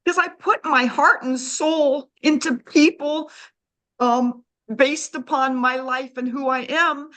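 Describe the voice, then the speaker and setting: A woman's voice: high-pitched, fairly even intonation, takes it slowly, sharp tone. A middle-aged woman telling an emotional story as a guest author, heartfelt and repeating words for emphasis.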